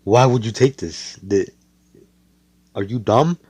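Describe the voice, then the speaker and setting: A man's voice: lowish voice, slow pace, a little mellow, slightly rough, no room sound. A man voicing a brash, cocky young hero who swaggers and swears freely. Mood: irritated.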